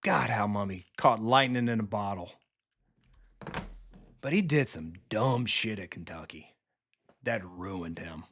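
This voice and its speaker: Fairly low yet a bit bright, his expressive voice moves at a measured pace with long pauses. A football coach who streams, he gives relaxed, profanity-laced commentary while playing a football video game and answers viewers.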